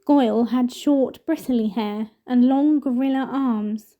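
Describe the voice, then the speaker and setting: A woman reading a novel aloud in steady, measured narration. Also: high voice, lo-fi sound. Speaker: storybook reader.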